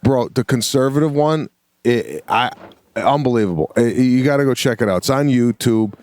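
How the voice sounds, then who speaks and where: A middle-aged man co-hosting a podcast, telling stories in a casual, animated, slangy way. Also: mid-range voice, normal speed, no room sound. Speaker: podcast co-host. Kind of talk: casual chat.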